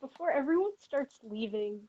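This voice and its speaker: High-voiced woman game master. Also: expressive. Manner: brisk, matter-of-fact narration and rules calls. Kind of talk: running a tabletop game over voice chat. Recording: muffled lo-fi mic with faint hiss.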